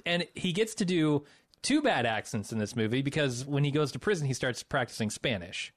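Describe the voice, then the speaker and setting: A sardonic, profane man co-hosting a film-review podcast, with a middle pitch. His voice is recorded dry and close. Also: animated, fairly quick, no echo. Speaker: podcast co-host. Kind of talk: casual film-review chat.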